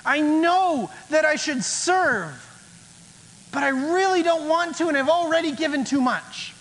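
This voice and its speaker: A male pastor with a very high, fairly bright voice preaches a conversational sermon in a church sanctuary, slipping into acted-out inner voices to drive his points home. Long church-hall reverb trails his words.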